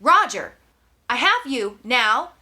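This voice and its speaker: A woman voicing a calm adult male radio operator who speaks in clipped, formal radio procedure in an audiobook. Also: fairly high pitch, slow pace, full character voice. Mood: businesslike.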